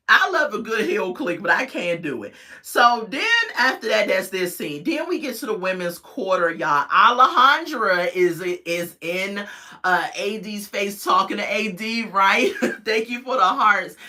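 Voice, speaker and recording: A woman casually recapping a reality show on a live stream, chatty and quick to laugh as she retells scenes. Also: mid-range voice, lively intonation, pushed and bright. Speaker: show reviewer.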